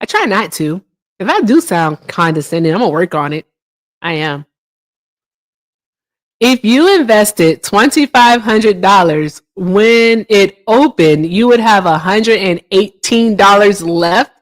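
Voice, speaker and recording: A woman hosting a political call-in livestream, chatting casually and reading viewers' comments aloud, with teasing jumps up into a high voice. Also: sing-song, slow pace. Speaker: livestream host.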